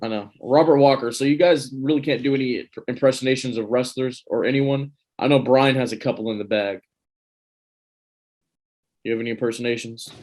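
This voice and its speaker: A man's voice: medium pitch, brisk, a little mellow. A man hosting a wrestling podcast, loose and joking as he leads the talk and reads fan mail. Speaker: podcast host. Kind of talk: casual chat.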